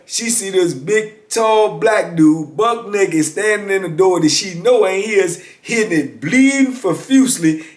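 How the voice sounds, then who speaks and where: A man in his fifties, a former prisoner, telling prison stories in a lively, casual street-talk monologue. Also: high-pitched. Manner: animated, vivid street storytelling with frequent "you know what I'm saying". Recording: roomy echo.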